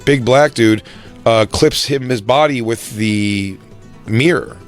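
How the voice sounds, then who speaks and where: A man co-hosting a podcast, telling a story in animated, profane casual chat. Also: medium pitch, slow pace, soft background music. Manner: animated storyteller, swearing and laughing. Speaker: podcast co-host.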